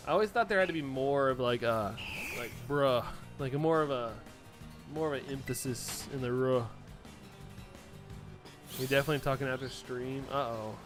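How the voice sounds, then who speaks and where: A young man live-streaming, chatting casually and laughing often as he reacts to viewer messages. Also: mid-range voice.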